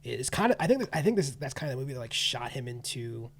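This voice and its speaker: A man's voice: medium pitch, sing-song, racing, gravelly. A man co-hosting a movie podcast in casual chat, rambling and restarting his sentences, laughing easily. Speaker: podcast co-host.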